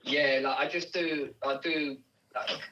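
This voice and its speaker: Slow, bright-voiced man on the phone. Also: on the high side, expressive, highs cut off, a little hiss or hum. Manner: laughs often, good-natured, disbelieving. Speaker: prank call target. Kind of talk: phone conversation. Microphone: phone line.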